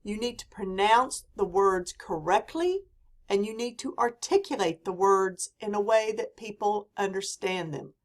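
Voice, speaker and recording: A woman from the Southern mountains, her accent softened, giving a clear, deliberate lecture on public speaking with emphatic stresses. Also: medium pitch. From Southern US mountain region. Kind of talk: recorded classroom lecture.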